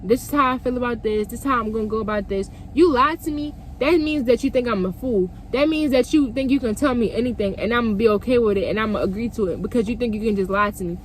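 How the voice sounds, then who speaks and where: A young woman vlogger telling a story in a lively, emphatic, profane way. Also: on the high side, fast talker, hardly any pauses, slight background noise. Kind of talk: storytime vlog.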